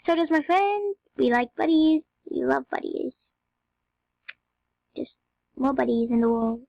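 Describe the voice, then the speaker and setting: A woman's voice: high voice, lively intonation, measured pace, gravelly, dull audio. A young female gamer chatting to viewers in a rambling, casual way as she plays. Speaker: game video narrator. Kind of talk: casual gameplay commentary.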